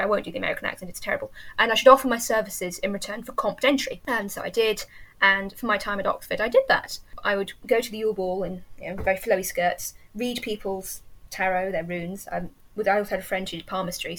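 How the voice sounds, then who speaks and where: A woman's voice: medium pitch, fairly bright tone. An English woman, a teacher, chatting enthusiastically as an interview guest and often restarting her sentences. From England. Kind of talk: casual chat.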